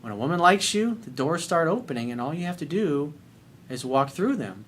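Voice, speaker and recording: Dating coach guy, fairly high voice, blunt and cussing a lot, straight talk. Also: sing-song, moderate pace, a bit bright, a little hiss or hum. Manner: blunt, profane, emphatic. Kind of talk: video coaching monologue.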